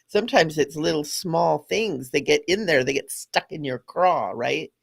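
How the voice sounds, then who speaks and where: A woman's voice: deep voice, normal speed, gravelly, breathy edge. A middle-aged woman, a spiritual teacher, talking earnestly in a casual spiritual chat, laughing often.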